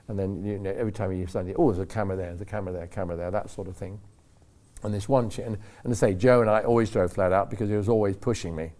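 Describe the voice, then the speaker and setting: A man telling rambling, animated racing stories in a casual chat, acting out what others said. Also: lowish voice. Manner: rambling, animated storytelling with acted-out quotes. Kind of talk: casual anecdote.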